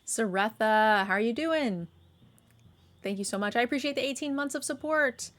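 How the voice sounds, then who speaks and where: A woman's voice: high-pitched, lively intonation, fairly quick, a bit bright. A woman streamer chatting casually while playing a game, thanking subscribers and joking around.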